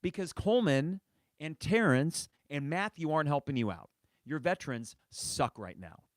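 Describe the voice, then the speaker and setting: A man in his thirties hosts a sports fan podcast, ranting with impassioned exasperation as his pitch leaps and dives. His voice sits close on the mic in a dry, dead room with no echo. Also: expressive, moderate pace. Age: 30s. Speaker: podcast host.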